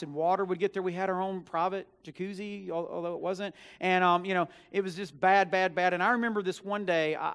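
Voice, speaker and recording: A young male student minister with a fairly high voice tells a personal story from the pulpit. He slips from hushed asides into loud, emphatic bursts as he drives his points home. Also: clean tone. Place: church sanctuary.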